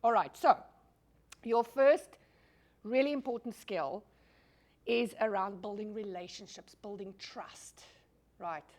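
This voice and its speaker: A middle-aged woman giving a lively classroom lecture. She is animated, swears casually and keeps asking the audience questions. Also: medium pitch, slow pace, pauses often.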